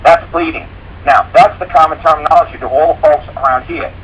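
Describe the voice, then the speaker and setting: A man's voice: fairly high pitch, steady tone, brisk, fairly bright tone, a little hiss or hum, poor audio. A man talking as a guest on a radio show, blunt, folksy and profane, explaining things through homespun stories. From rural mountain area. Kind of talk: casual radio talk.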